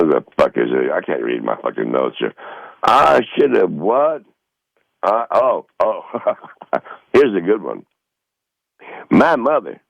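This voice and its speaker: A man's voice: rumbling low, gravelly, no room sound, muffled recording. A middle-aged man hosting a podcast, rambling profanely through his notes in a casual monologue. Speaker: podcast host. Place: Northern Michigan home.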